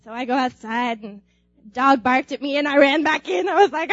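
A young woman with a high voice tells a personal story in a lively, animated way, laughing as she goes and acting out screams. The recording is dry and slightly muffled, with faint music underneath. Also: moderate pace, dry recording. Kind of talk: personal anecdote told aloud.

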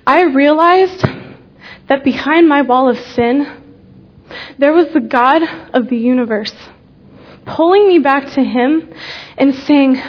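A young woman giving an earnest personal faith testimony, speaking slowly with deliberate pauses and letting key words drop soft. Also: sits high, highs cut off.

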